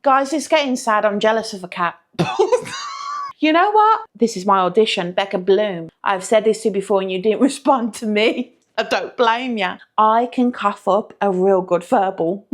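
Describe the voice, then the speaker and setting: A woman's voice: medium pitch, moderate pace. A young woman hosting reaction commentary, joking, swearing and laughing often in a casual way. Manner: profane, jokey, laughing often. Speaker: commentary host.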